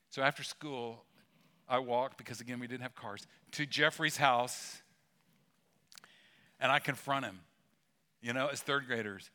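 Bright-voiced man preaching with humor. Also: medium pitch, unhurried, pauses often. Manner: conversational storytelling with humor. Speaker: pastor. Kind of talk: sermon. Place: church sanctuary.

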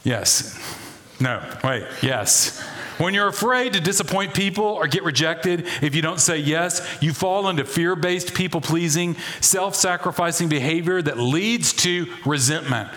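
A middle-aged male pastor preaches with a folksy, animated delivery. He mixes playful asides into his sermon, and his voice sits somewhat high for a man. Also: measured pace.

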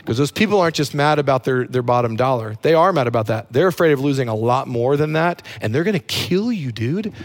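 A man preaching a sermon at a middle pitch. He talks in an animated way and sinks into low, quiet emphasis on his key phrases. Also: brisk, hardly any pauses. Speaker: pastor.

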